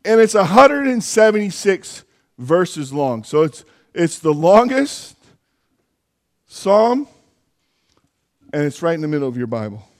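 A man with a high-pitched voice preaches a sermon in church. He keeps it conversational, with asides and self-corrections as he goes. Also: big pitch swings, measured pace, long pauses.

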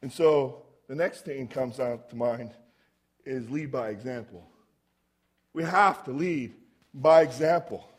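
A man's voice: mid-range voice, takes it slowly, breathy edge. A man giving a conversational sermon, telling stories and asking the congregation rhetorical questions. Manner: storytelling, asks the audience rhetorical questions. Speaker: preacher.

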